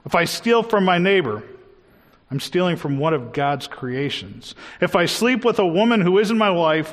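A man preaching a sermon earnestly, slowing down to stress his key words. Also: a little high, a bit bright. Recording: long hall reverb.

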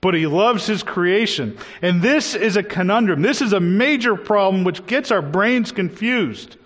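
A man preaching a sermon earnestly, slowing down to stress his key words. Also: high-pitched, animated. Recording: long hall reverb.

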